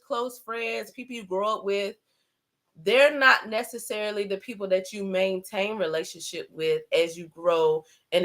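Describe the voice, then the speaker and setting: A woman hosting a casual livestream talk. She speaks conversationally, often asks "right?" and says "like", and acts out inner thoughts in an animated way. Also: mid-range voice. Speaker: host. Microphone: computer camera setup.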